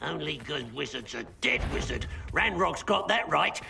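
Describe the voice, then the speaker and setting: A gravelly sneering game villain. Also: male voice, on the high side, sing-song, normal speed, noisy background, full character voice. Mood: scornful. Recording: distant voice over game music.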